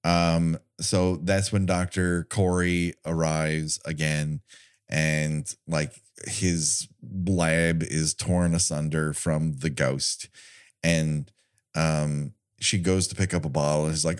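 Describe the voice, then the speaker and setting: A man's voice: very deep voice, little pitch movement, takes it slowly, clean tone. A young man co-hosting a podcast, recapping an old TV episode with sarcastic, swearing comedy and mock voices. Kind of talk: casual comedic chat.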